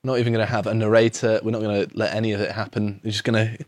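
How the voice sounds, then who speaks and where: A man talking in casual podcast chat, unhurried and a little halting. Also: fairly low pitch, level tone, a little mellow, no echo.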